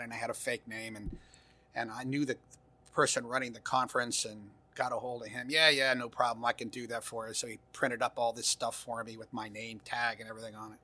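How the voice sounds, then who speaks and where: A man's voice: mid-range voice, sharp tone. An older man, a retired intelligence officer, telling long rambling anecdotes in an interview, with frequent restarts. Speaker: guest, former intelligence officer. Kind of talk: casual interview storytelling.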